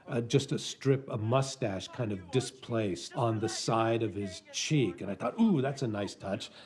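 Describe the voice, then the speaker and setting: A man being interviewed, an actor recalling an audition and acting out both sides of the conversation. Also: lowish voice. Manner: animated storyteller acting out both sides of the talk. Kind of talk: interview reminiscence.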